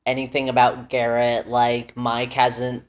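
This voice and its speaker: Very low-voiced woman podcast guest. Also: monotone, a little slow. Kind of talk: casual movie-review chat.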